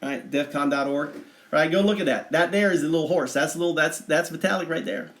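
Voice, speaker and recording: A man talking through a chart in a digressive, rambling monologue, restarting often and bursting into excitement. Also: on the high side, fairly quick, roomy sound. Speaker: vlogger explaining a chart of figures.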